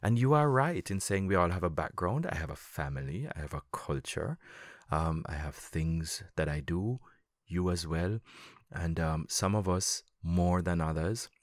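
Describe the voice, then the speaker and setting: A man, a podcast host being interviewed on his own show, answering deliberately with many fillers and repeated phrases. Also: sits low, no room sound, clean studio sound.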